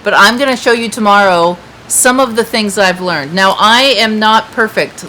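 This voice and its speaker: A woman's voice: mid-range voice, normal speed, pushed and bright, a little hiss or hum, rough recording. A woman hosting a casual chat to viewers from a patio, talking in a chatty, rambling way with many fillers. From United States. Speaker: craft shop host. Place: outdoor patio.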